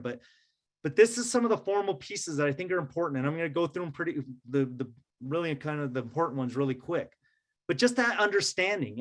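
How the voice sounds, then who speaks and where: Chatty man leading a teacher workshop. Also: a little high. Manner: conversational, many fillers and "right?" check-ins. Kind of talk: casual presentation to educators.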